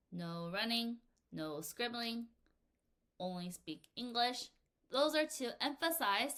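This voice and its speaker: A young adult woman teaching English vocabulary to young learners in a recorded lesson, with clear, animated delivery and little acted examples. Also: on the high side.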